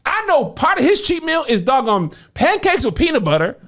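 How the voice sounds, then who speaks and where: A man's voice: very high-pitched, a little fast. A man co-hosting a comedy podcast, telling stories in a loose, joking way and acting out quotes. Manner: animated storytelling, laughs a lot, acts out quotes. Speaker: podcast co-host. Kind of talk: casual comedic chat.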